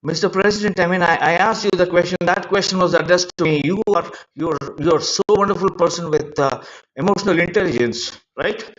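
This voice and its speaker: A man on a rambling live stream, distressed and close to tears, talking in halting bursts that repeat words as he pleads about his grievances. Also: high voice, fairly bright tone. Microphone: phone mic. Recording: lo-fi phone screen recording.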